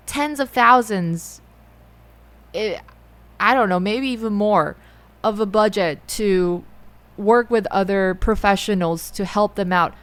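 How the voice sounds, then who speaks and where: A young adult woman talking through her feelings in a personal monologue, halting and often rephrasing herself. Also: mid-range voice, clear, resonant tone. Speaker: musician and host.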